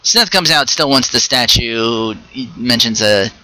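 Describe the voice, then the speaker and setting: A man hosting a casual solo podcast, rambling and restarting his sentences, with quick asides while he plays a game. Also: mid-range voice, animated, bright, forceful tone, dry recording, low-quality recording. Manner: rambling, stops and restarts mid-thought; chatty, with short asides while playing a video game. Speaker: podcast host.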